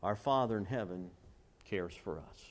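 Man preaching with call-and-response questions. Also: fairly low pitch. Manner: quotes scripture and recites hymn lyrics slowly. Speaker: pastor. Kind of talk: sermon.

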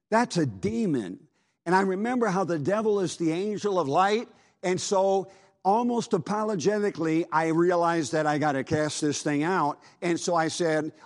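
A man preaching, telling a dramatic personal testimony in an earnest voice. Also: fairly high pitch. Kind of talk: sermon testimony.

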